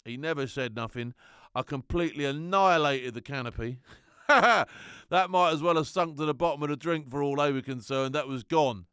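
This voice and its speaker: A middle-aged man telling animated, slangy stories as a former soldier and laughing often. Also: fairly high pitch, normal speed, clear, resonant tone, no room sound, studio quality. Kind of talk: casual anecdote.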